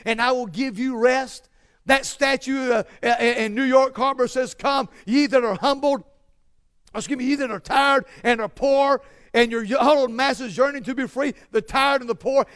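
A man preaching a sermon, with many restarts and a repeated cadence that climbs to shouted emphasis. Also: very high-pitched, clean tone. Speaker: pastor.

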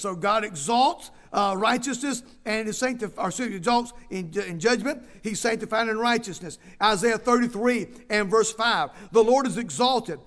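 Man, pastor, sermon, high voice, emphatic repeating delivery. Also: fairly bright tone. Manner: preaching with emphatic repetition, reading scripture aloud.

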